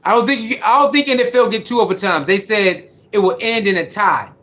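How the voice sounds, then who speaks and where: A man with a high-set voice chats casually on a live stream. His talk is loose and slangy. He greets viewers by name and repeats his points. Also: a little fast, pushed and bright.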